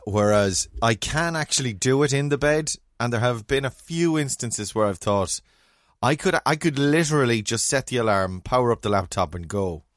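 Tired, playful man hosting. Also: lowish voice. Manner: playful, teasing, animated. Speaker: podcast host. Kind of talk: casual chat. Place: home studio playroom.

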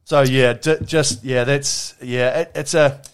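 A man's voice: mid-range voice, fairly even intonation, slow pace, clear, resonant tone. A man, a former Olympic rower talking as an interview guest, blunt and swearing freely as he tells stories. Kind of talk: casual interview chat.

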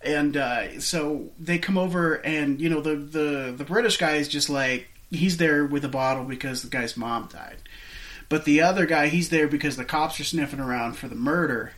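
A man's voice: fairly high pitch, moderate pace. A man casually talking through a film scene with lots of fillers and restarts. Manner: rambling, animated retelling with many fillers. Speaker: podcast co-host. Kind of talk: casual movie discussion.

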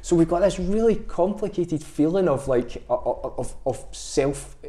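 Mellow-voiced Scottish man, thoughtful. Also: on the high side, lively intonation, measured pace. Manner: thoughtful, with frequent restarts. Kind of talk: reflective conversation.

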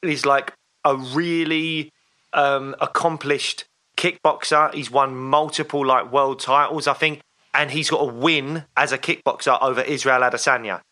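Guy co-hosting a fan podcast, bright voice, chatty and keen. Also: medium pitch, fairly even intonation, a little slow. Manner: enthusiastic, chatty fan talk. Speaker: podcast co-host. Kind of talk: casual chat.

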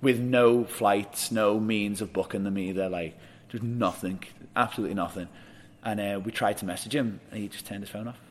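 A man's voice: lowish voice, fairly even intonation, moderate pace. A young man telling a long story in casual chat, laughing often and quoting people as he goes. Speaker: guest.

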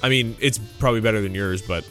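A man's voice: lowish voice, fast, a bit bright. A man hosting a casual gaming podcast, rambling, swearing freely and laughing often. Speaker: podcast host. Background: faint game audio and music.

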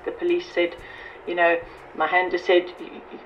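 A woman recounting her past in a recorded interview, halting and emotional, often repeating words. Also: fairly low pitch, flat delivery. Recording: dull lo-fi tape with faint noise.

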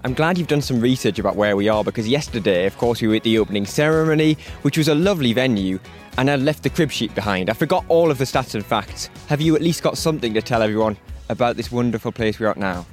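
A man's voice: mid-range voice, lively intonation, fast, soft background music. A man co-hosting a podcast, chatting casually and teasing his co-host while walking outdoors by a river. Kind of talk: casual chat.

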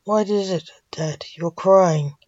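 A man's voice: high-pitched, slow, darkish tone, dry recording, lo-fi sound. A woman reading the part of a concerned grown son who questions his father directly.

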